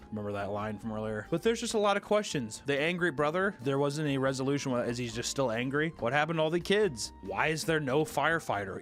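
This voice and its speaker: A man's voice: mid-range voice, fairly bright tone. A young man in casual commentary, sarcastically recapping a film and mocking its characters by acting out their lines. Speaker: streamer.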